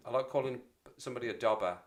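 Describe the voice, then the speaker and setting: Racing along in a mid-range voice, a livestream host in his forties chats casually with his viewers. His talk is rambling and self-deprecating.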